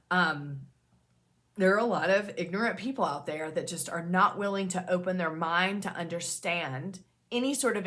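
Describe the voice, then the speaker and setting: A woman's voice: medium pitch, pushed and bright. A woman in her thirties, an OCD peer support advocate, talking straight to her viewers in an earnest, reassuring and emphatic way. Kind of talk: direct-to-camera talk.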